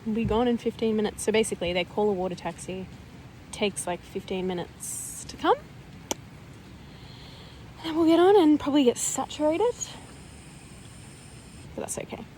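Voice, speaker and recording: A woman's voice: fairly high pitch, expressive, normal speed, pauses often, dark tone, slight background noise, rough recording. Chatty upbeat woman vlogging. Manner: chatty and upbeat, laughs often. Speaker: travel vlogger. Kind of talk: casual vlog chat.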